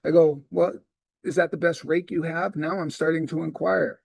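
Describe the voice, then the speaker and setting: Speaking at a moderate pace in a fairly high, creaky voice, a middle-aged real estate sales trainer tells stories during a training talk. He brings them to life by acting out the dialogue, with no echo in the sound.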